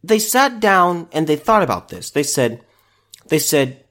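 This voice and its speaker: A man's voice: fairly high pitch, big pitch swings, measured pace, fairly bright tone. A man hosting a solo opinion podcast, ranting in exasperation and restarting his sentences. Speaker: podcast host.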